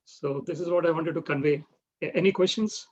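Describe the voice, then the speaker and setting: A man's voice: fairly high pitch, a little fast. A man leading an online public speaking workshop, explaining step by step and often checking in with "right?". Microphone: video call. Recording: dull lo-fi video call audio.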